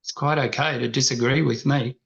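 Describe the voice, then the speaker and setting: A man's voice: mid-range voice, steady tone, brisk, creaky, fairly bright tone, lo-fi sound. A man giving an earnest coaching talk to a men's group, repeating his key points. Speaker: speaker at a men's workshop. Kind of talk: talk with slides, then group discussion.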